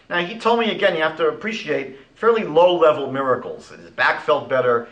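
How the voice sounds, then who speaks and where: A man giving a lecture as a rabbi, animated and rhetorical, retelling conversations. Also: a little high, brisk, hardly any pauses, echoey room, highs cut off.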